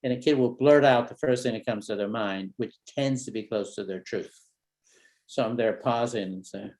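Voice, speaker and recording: Man talking through a parenting tip. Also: mid-range voice. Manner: relaxed storytelling with role-played dialogue; pauses to build suspense. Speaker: family therapist. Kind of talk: parenting training talk.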